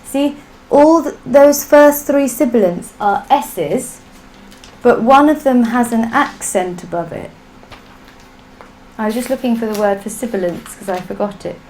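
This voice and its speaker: A woman's voice: on the high side, unhurried, a little mellow, slight background noise, poor audio. A woman teaching a live online language class, drilling sounds patiently for students to repeat. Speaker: Sanskrit teacher.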